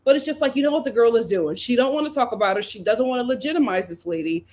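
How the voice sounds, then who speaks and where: A woman's voice: on the high side, lively intonation, fast, a little mellow. A woman hosting a casual reality TV recap, chatty and opinionated, often laughing and full of "like" and "you know". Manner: laughs often while talking. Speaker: host.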